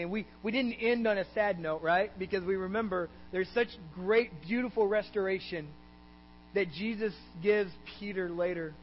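Texan pastor, man, high voice, animated sermon storytelling, dull recording with faint hum. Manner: animated storytelling, voicing characters in the scripture. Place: church.

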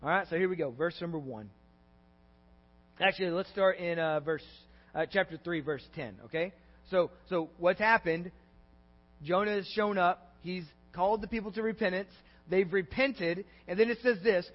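A pastor preaching a conversational sermon, acting out scripture quotes with feeling. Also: male voice, sits high, normal speed, long reverb tail, lo-fi sound. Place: church sanctuary.

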